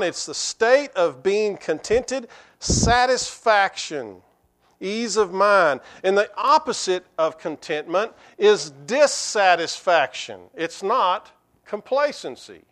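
A man preaching a sermon as pastor, with halting restarts and fillers, slowing down to read scripture. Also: high voice, a bit bright. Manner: slows to a measured pace when reading scripture aloud.

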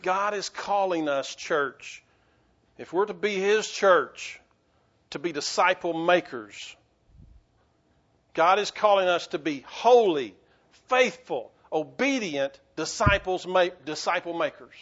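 This earnest preacher delivers his sermon animatedly, often stammering and restarting. His intensity climbs to urgent peaks and sinks into hushed, faltering lulls, all on a muffled recording.

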